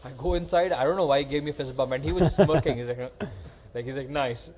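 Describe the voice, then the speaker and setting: A man's voice: medium pitch, quick pace. A young man hosting a podcast, telling a story in casual chat and acting out the voices of people in it. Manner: animated, acts out quoted voices.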